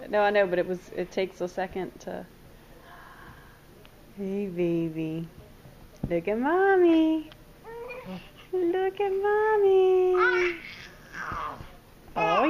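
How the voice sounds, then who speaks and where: A mother at home, cooing to her baby in a home video. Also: mid-range voice. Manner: cooing, sing-song baby talk. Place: home, indoors. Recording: dull home video with loud background noise.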